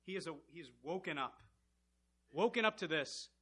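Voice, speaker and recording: A man preaching a sermon, swinging from loud passionate outbursts to hushed, intense storytelling. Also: a little high, expressive, moderate pace, breathy edge.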